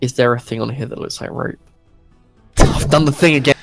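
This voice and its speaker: A man's voice: mid-range voice, no room sound, faint music behind. Male player, mid voice, dry and close, talkative. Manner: chatty, quick asides and restarts. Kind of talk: casual tabletop game play.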